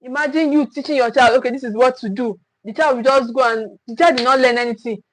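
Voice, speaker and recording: A woman's voice: sits high, fast, a little hiss or hum, rough recording. A woman gives a livestream parenting talk. She speaks earnestly, repeats her points and acts out what parents say. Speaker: parenting coach.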